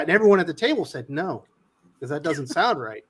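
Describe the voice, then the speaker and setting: Guy hosting a comics stream, high voice that jumps all over, swears, acts out his quotes. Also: quick pace, breathy edge. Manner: animated storyteller, swears, acts out quotes loudly. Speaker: host of a comics news livestream. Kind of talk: casual panel chat and storytelling.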